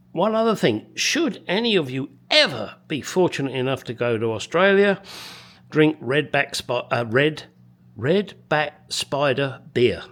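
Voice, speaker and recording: Slow-talking man in a garage. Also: medium pitch, fairly bright tone. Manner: rambling, crude joking, swears freely. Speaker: car restoration vlogger. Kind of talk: casual workshop chat. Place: home garage.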